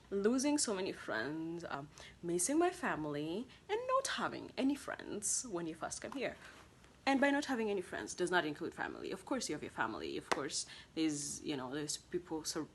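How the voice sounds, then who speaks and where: A young woman from Kenya with a Kenyan accent, a college student talking casually to camera and acting out the voices in her stories with big pitch jumps. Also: moderate pace, a little hiss or hum. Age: young adult. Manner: animated storyteller, acts out quotes with big pitch jumps. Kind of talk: casual vlog monologue.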